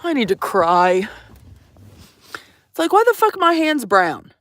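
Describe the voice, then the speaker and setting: Sassy, lively young woman livestreaming. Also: fairly high pitch, unhurried. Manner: swearing, teasing, sassy, addresses viewers as y'all. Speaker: vanlife livestreamer. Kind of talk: casual livestream chat. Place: lying in her van.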